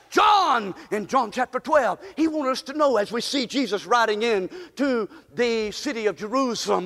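A man preaching a fervent sermon, often shouting and calling the congregation to repeat after him. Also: high-pitched, gravelly. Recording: long reverb in a large hall.

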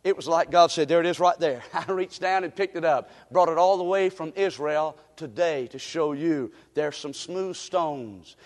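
A man, preaching a sermon as pastor, swinging from low asides to shouting. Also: a little slow, hardly any pauses. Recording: long hall reverb.

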